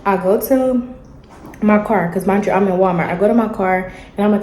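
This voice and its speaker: A young woman, telling a story in a casual, animated vlog chat and acting out the dialogue. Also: mid-range voice, brisk, reverberant, slight background noise, poor audio. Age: young adult. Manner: animated, chatty, acts out dialogue. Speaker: vlogger. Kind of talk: casual storytelling while eating.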